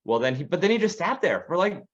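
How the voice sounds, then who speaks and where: Animated man telling a story. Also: a little high, fast, dull audio. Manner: animated, acts out quoted voices. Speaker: podcast co-host. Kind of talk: casual storytelling chat.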